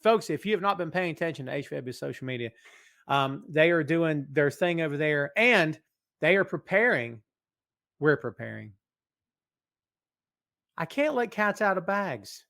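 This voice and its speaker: A middle-aged man hosting a live wrestling podcast from his office, reading out chat comments in an animated, hyped way. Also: fairly high pitch, moderate pace, gravelly, long pauses. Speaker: podcast host. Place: home office.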